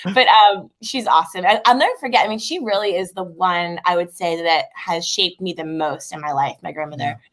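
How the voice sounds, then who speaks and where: A middle-aged woman, a guest on a talk show, telling family stories in a bubbly, fast, chatty way full of fillers and laughs. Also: fairly low pitch, fairly bright tone. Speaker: guest, marketing expert and author. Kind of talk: casual storytelling chat.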